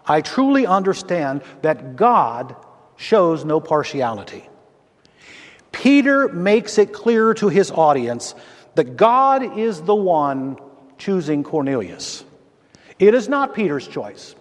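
A man preaching a sermon as a Lutheran pastor, slow and emphatic, speaking to his congregation in a church. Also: sits high. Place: church sanctuary. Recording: long church reverb.

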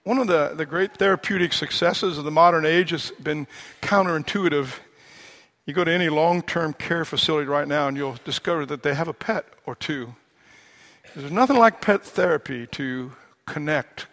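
A pastor delivering a sermon in a relaxed, conversational way, slipping wry humorous asides in among the serious points. His voice sits a touch high for a man, with a gravelly, fry-laced texture running through it.

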